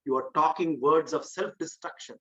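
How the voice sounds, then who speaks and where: A man's voice: a little high, normal speed, lo-fi sound, lightly acted. A man voicing a wise royal counselor who admonishes and pleads earnestly. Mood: admonishing. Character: stern wise middle-aged male royal counselor.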